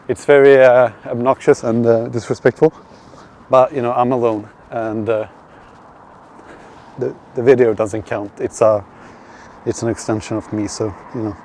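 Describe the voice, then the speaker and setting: A man's voice: medium pitch, darkish tone. A man from Sweden chats loosely as he walks a city street at night, swearing often and stumbling through half-finished sentences. Faint traffic and street noise sit in the background of his live stream. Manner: rambling, swearing, restarts and reads chat aloud. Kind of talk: casual live-stream chat while walking.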